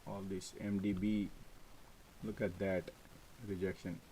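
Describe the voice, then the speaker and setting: Animated man hosting a market live stream. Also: low-pitched, measured pace, slight background noise, poor audio. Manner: animated, repeats words, frequent "right?" and "guys". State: coughing, choked up at times. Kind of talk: casual live-stream talk.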